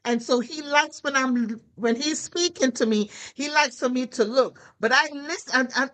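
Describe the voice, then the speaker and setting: High-pitched, bright-voiced preaching woman. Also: moderate pace, rough recording. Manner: lively exhortation, rhetorical questions. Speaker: minister. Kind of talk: preaching to a prayer call.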